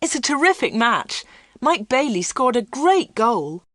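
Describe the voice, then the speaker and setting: A woman playing a keen young football fan in a storybook reading, raised high voice, eager and loud. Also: sing-song, measured pace, dry recording, clean studio sound. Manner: eager, shouting. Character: excited young man cheering football.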